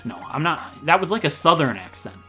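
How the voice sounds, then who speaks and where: A man from Ohio with a Midwestern American accent, rambling and joking fast through casual gameplay commentary. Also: fairly high pitch, sing-song, pushed and bright, soft background music. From Ohio, USA. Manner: fast-talking, rambling, jokey. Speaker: let's play commentator.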